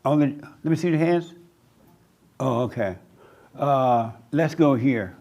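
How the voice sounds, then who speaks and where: A man leading a church question-and-answer session, brisk and teasing as he calls on people. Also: mid-range voice, a little mellow. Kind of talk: casual church discussion.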